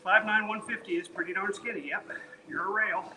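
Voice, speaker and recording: On a live stream from his home treadmill, a man with a fairly high voice talks casually and briskly, sounding tired and sweaty. He reads viewers' messages aloud and banters between workout numbers. The audio is poor, with a steady background noise beneath his voice.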